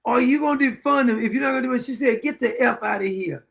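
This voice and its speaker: A man's voice: extremely high pitch, fast, gravelly, a bit bright. A man hosting a commentary show, reacting to news clips in a blunt, mocking way.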